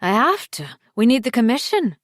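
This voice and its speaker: A woman voicing a defensive, dismissive husband who brushes off his wife's accusations, speaking louder and brighter than her narration. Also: fairly high pitch, very animated, normal speed, no room sound, studio quality, voice pushed up.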